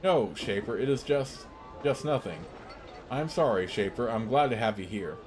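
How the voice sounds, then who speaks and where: An overworked female innkeeper, anxious and humble, apologizing often and deferring to her guest, as a man reads her out. Her talk is timid and careful. The pitch stays at a plain middle level. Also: expressive, normal speed, lightly acted.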